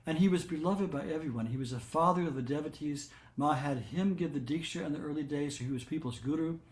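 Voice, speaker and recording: An older man leading a devotional gathering, telling stories in a gentle, unhurried way with many fillers and restarts. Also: fairly high pitch, roomy sound. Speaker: satsang leader. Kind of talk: devotional storytelling talk.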